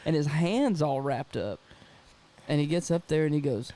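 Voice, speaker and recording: Mellow-voiced man telling a lively story. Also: on the high side, moderate pace. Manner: animated, acts out the voices of people he quotes; slangy, says "dude" a lot. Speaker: podcast co-host. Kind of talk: casual storytelling chat.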